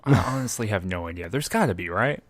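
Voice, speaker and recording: A man co-hosting a podcast, telling what happened in his video game playthrough in a wry, animated way and acting out the dialogue. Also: fairly low pitch, fast talker. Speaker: podcast co-host. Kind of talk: casual chat recapping a video game.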